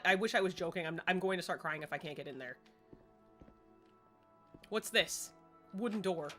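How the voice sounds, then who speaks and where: A woman's voice: medium pitch, pushed and bright. A woman livestreaming a game at home, chatty and self-deprecating in casual gameplay commentary.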